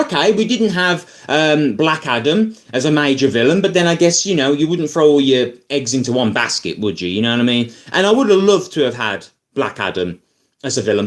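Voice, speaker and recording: A man ranting casually about films as a YouTuber, rambling and animated, full of fillers and asides. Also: fairly high pitch. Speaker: YouTuber film reviewer. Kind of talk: casual opinion rant.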